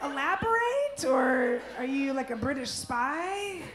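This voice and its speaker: A woman's voice: high-pitched, big pitch swings, takes it slowly. A woman comedian doing stand-up crowd work on a club stage, brash and teasing, laughing often. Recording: echoey club with loud noise.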